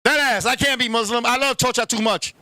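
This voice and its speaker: A brash male comedy host ranting with a very high, bright voice. His voice is smooth and crisp, recorded close and dry. He swears freely and sometimes bursts into chants. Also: fairly quick, dry recording. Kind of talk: comic rant.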